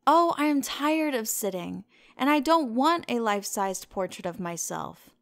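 A woman's voice: on the high side, lively intonation, moderate pace. A woman reading the lines of a petulant, charming young man in a storybook reading, in an eager, lightly pleading way.

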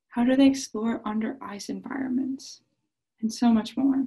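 A woman in her twenties, a PhD student, telling children an expressive story with occasional hushed asides. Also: on the high side, normal speed, vocal fry, poor audio.

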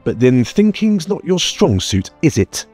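A man voicing a sharp, sarcastic young adventurer. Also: fairly high pitch, very animated, unhurried, slightly rough, voice pushed up, heavily acted. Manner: articulate, sarcastic. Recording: dry close mic, faint music bed.

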